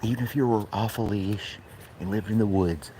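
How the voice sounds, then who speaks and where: A man filming a casual hiking vlog on a wooded trail, often talking low or whispering as he coaxes his dog along. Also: normal speed, warm tone, a little hiss or hum. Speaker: vlogger walking his dog.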